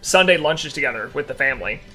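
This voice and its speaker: A young man streaming live, chatting casually with viewers and telling an animated story with dry sarcasm. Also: mid-range voice, quick pace, soft background music.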